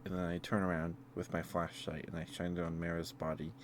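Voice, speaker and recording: A man's voice: low-pitched, level tone, a little fast, a little hiss or hum. A young man chatting as an ASMR streamer, rambling with frequent laughs and restarts. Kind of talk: soft-spoken ASMR live stream chat.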